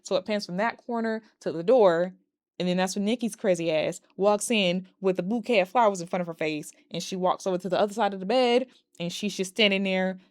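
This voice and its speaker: A woman recapping a horror movie in a casual, animated and profane way, breaking into laughs. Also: mid-range voice, fairly quick, no echo, clean studio sound. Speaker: movie reviewer.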